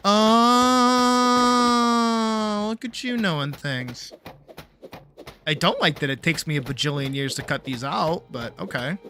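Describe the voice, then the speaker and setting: Lively, bright-voiced game streamer. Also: mid-range voice, moderate pace. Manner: animated, chatty, swears casually. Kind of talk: casual gameplay commentary.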